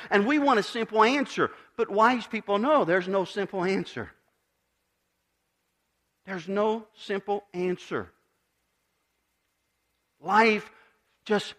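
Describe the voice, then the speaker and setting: A man preaching a sermon as pastor, building to emphatic swells and then dropping to quiet, measured lines. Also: sits high.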